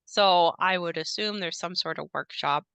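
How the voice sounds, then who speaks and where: A woman's voice: on the low side, moderate pace, fairly bright tone, smooth, no room sound. A woman voicing a rambling nervous house staffer. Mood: chatty. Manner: hesitant, rambling, many fillers.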